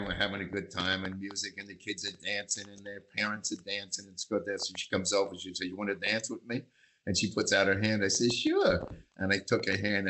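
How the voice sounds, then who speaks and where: An older man from the Bronx, telling lively anecdotes as a guest, acting out voices and singing bits of songs. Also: fairly low pitch, slight background noise, rough recording. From East Bronx, New York. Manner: animated raconteur, acts out voices and sings snatches. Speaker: magazine publisher, guest. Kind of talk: storytelling interview.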